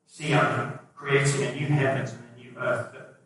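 A man's voice: medium pitch, level tone, moderate pace, a bit bright, recorded from a distance. Male preacher in an echoey hall. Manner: conversational, asks the congregation questions. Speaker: pastor. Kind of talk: sermon. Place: church hall.

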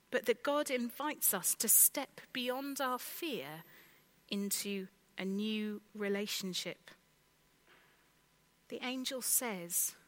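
A woman's voice: on the high side, low-quality recording. A woman preaching a conversational sermon and asking the congregation direct questions. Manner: conversational, lively, asks the listeners direct questions.

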